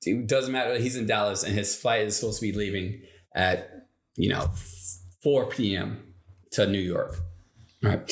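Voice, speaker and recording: Casual motivational man in an echoey room. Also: medium pitch. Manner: casual, conversational, frequent tag questions. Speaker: motivational video host. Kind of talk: motivational storytelling.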